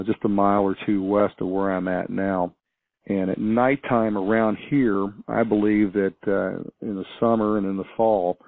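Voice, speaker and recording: A man's voice: lowish voice, vocal fry, no echo. A man calling in to a radio show, telling a story in a rambling, hesitant way with many restarts. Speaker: caller. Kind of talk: casual storytelling on a call-in show. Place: small farm town. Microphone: phone. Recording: tinny phone line, dry.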